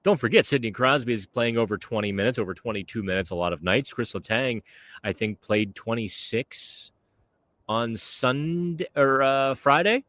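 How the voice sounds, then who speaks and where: A man's voice: mid-range voice, normal speed, fairly bright tone. A man hosting a casual podcast outdoors by the water, talking chattily to the camera. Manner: chatty, conversational. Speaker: podcast host.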